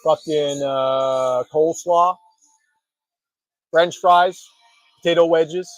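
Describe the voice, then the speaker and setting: Jokey, profane male host, slightly high voice, dry close sound. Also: fairly even intonation, takes it slowly, no room sound, soft background music, rough recording. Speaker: podcast host. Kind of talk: casual chat.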